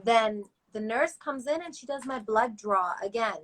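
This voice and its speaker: A woman recounting a personal experience as an interview guest, animated and acting out other people's lines. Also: a little high, measured pace, poor audio. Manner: animated, acts out voices in quotes.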